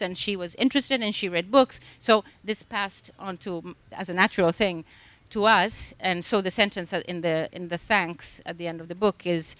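A woman's voice: fairly low pitch, normal speed, fairly bright tone, dry recording. A woman from Italy, an author talking thoughtfully on a festival panel with many fillers and restarts. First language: Italian. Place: stage at a literary festival.

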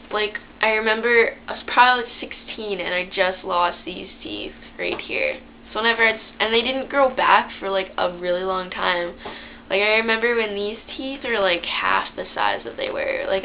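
A woman's voice: mid-range voice, gravelly. A young woman telling embarrassing childhood stories in a chatty, candid, self-mocking way, swearing freely. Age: young adult. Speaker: vlogger. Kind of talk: casual storytelling to camera. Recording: dull lo-fi webcam sound with faint hiss.

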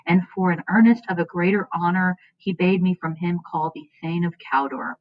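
Woman reading as royal messenger, formal announcing, fairly low voice, dry dull recording. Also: fairly even intonation, moderate pace, no echo, far from the mic, natural voice.

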